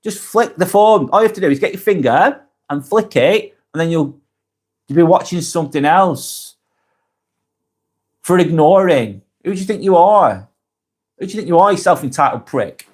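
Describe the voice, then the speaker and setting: A man hosting a live vlog, reading comments aloud and answering them bluntly, often swearing, then softening to reassure. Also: on the high side, expressive, moderate pace, long pauses, husky. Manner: blunt, sweary, swings between brusque and reassuring. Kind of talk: casual live vlog chat.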